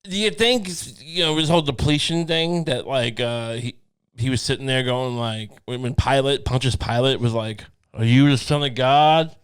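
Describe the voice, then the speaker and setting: A man's voice: mid-range voice, normal speed, fairly bright tone, clear, resonant tone. A man co-hosting a comedy podcast, rambling and profane, often dropping into mocking impressions. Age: adult, went through Catholic school. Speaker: podcast co-host. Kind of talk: irreverent comedic banter.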